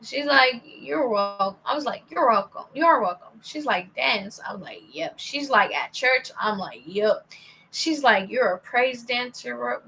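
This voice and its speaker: Young woman vlogger, lively storyteller who swears freely and plays every part in her story, voice a touch high. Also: a little hiss or hum, rough recording. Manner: animated, acts out quoted dialogue, swears freely. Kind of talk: casual storytelling to camera.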